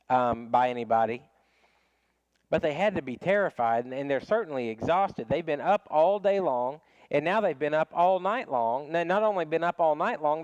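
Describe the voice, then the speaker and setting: A man leads a relaxed Bible study, his voice smooth and fairly high. He talks loosely and conversationally, doubling back on his words. The sound is close and dry, slightly muffled. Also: dry recording. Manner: conversational, chuckling, restarts often. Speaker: Bible class teacher. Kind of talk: casual Bible study teaching.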